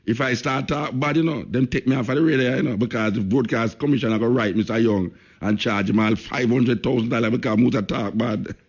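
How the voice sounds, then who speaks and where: A Jamaican radio host in the studio talks a little fast with few pauses, his mid-range voice carrying a breathy edge. He speaks patois emphatically, hammering points through repetition, on a lo-fi broadcast.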